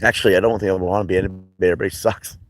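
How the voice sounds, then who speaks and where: A man's voice: low voice, fairly even intonation, very fast, slight background noise, poor audio. A man in his thirties from Michigan, streaming live and chatting loosely with viewers. He rambles, jokes sarcastically and swears freely. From Michigan, United States. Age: 30s. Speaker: livestreamer. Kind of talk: casual livestream chat, reading viewer comments.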